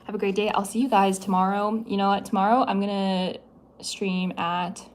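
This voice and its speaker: A woman's voice: medium pitch, level tone, moderate pace, a little hiss or hum. Chatty young woman on a livestream. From Midwest US. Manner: chatty, playful, with many likes and giggles. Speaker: livestream host answering chat. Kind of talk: casual livestream chat.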